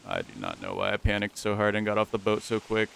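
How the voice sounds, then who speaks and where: A man's voice: lowish voice, huge pitch swings, quick pace, gravelly, a bit bright, slight background noise. Chatty self-mocking gamer man. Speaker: gaming YouTuber. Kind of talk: casual let's-play commentary.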